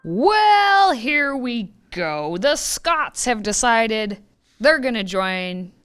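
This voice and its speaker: A woman's voice: a little high, big pitch swings, very slow, fairly bright tone, faint music behind. Wry, sarcastic woman co-host. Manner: wry, sarcastic, reads quotes aloud. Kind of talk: casual political commentary chat.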